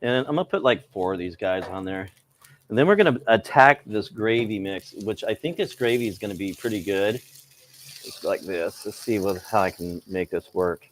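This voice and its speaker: A man's voice: lowish voice, lively intonation, moderate pace, a little hiss or hum. A middle-aged man hosting a live cooking stream, rambling casually and greeting viewers by name, a little cold.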